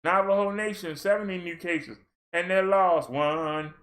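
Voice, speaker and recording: A man from Maryland hosts a casual livestream, running through a long list of numbers. His voice sits high for a man, and he keeps breaking the routine with playful asides and exclamations. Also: measured pace, fairly bright tone. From Maryland, USA. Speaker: fitness streamer. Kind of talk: casual livestream rundown of daily figures.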